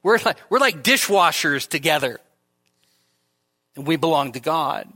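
A middle-aged male pastor delivering an expository sermon in a church. His voice sits a little high and rings bright and forceful. He is earnest and emphatic, and he doubles back on his words to drive each point home. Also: lively intonation, unhurried. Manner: earnest, emphatic, repeats phrases for stress.

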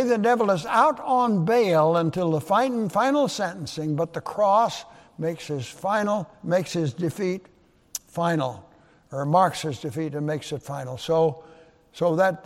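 A man preaching a sermon as pastor, emphatic, his voice leaping up loud for rhetorical questions. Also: high voice. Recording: long reverb of a large hall.

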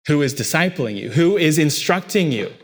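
A man delivering a sermon from the pulpit, with a voice pitched a little high for a man. His delivery swings from quiet, heavy low passages to raised, emphatic lines that stress single words. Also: lively intonation, moderate pace, breathy edge, faint music behind. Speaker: pastor.

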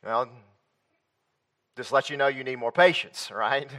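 A man preaching a sermon to his congregation, swinging between loud emphatic peaks and quiet low asides, and reading scripture aloud in old-fashioned wording. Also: expressive, normal speed. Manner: reads scripture aloud in King James wording.

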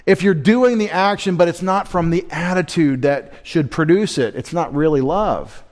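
A man's voice: on the high side, moderate pace, few pauses. Emphatic man preaching a sermon. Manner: emphatic, rhetorical questions, quoting scripture. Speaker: pastor. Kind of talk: midweek sermon.

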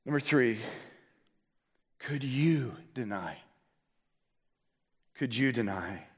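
A man preaching a sermon as a pastor, swinging from hushed, quiet passages to loud, emphatic ones. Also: medium pitch, lively intonation, extremely slow, husky. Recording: echoey hall reverb.

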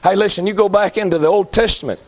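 A man's voice: sits high, quick pace. A man preaching a sermon in an emphatic, folksy way, repeating lines for effect.

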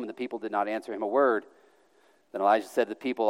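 A man's voice: on the low side, fairly even intonation, fast talker. A man preaching a sermon as pastor, emphatic, with sarcastic put-on voices and frequent restarts. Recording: long hall reverb.

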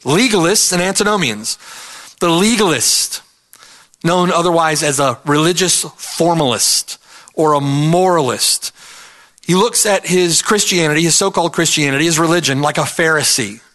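A man's voice: on the high side, moderate pace, fairly bright tone. A man preaching an expository sermon in an emphatic, earnest way, repeating his key points for stress.

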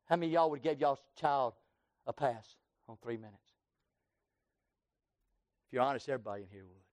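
A pastor from Texas with a Southern US accent, preaching an impassioned sermon that swings from loud cries to hushed tones. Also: male voice, medium pitch, fairly quick, no echo. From Texas, USA. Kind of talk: sermon with altar call.

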